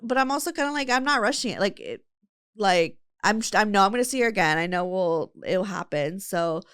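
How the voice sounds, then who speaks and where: A woman's voice: medium pitch, animated, brisk, a bit bright, smooth. A woman hosting a podcast, telling a long story in casual chat, full of fillers and quoted friends. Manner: chatty storyteller, lots of fillers and quoting friends. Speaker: podcast host.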